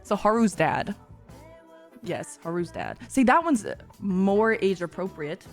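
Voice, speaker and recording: A woman streamer reacts to a show in a slow, casual chat, her mid-pitched voice gushing and giggling. She's excitable and swears freely, with soft music playing faintly underneath.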